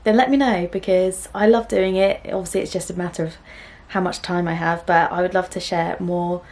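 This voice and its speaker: Young woman, home sewing vlogger, gentle and chatty with soft laughs, talking straight to camera. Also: on the low side, fairly even intonation, a little fast. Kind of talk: casual chat to camera. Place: small room at home.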